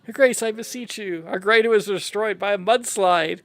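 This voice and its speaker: A man's voice: high voice, normal speed, a bit bright, dry recording, faint music behind. A man casually playing through a story game, playfully reading every character's dialogue aloud in his own voice. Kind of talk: casual game playthrough commentary.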